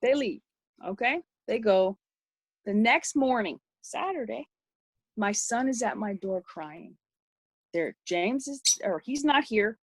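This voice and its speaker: Husky-voiced woman telling her story. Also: a little high, lively intonation, slow pace, dry recording. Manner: rambling, with many restarts. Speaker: podcast guest. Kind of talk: personal story in an interview.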